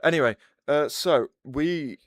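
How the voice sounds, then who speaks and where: A man's voice: fairly high pitch, measured pace, no room sound. A man hosting a casual livestream, rambling, restarting his sentences and answering chat messages aloud.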